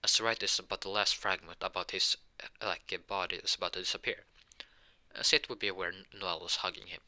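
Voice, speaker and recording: A man improvising a fan-fiction story aloud, rambling and halting with many restarts and filler words. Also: sits low, steady tone, sharp tone.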